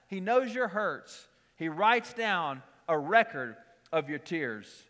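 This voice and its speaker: A man with a high voice preaches a conversational sermon, driving his points home by repeating short lines. He is middle-aged and slips easily into casual personal anecdotes. His voice carries a long reverb tail, as if he is in a large sanctuary. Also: very animated, slow pace, fairly bright tone. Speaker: pastor.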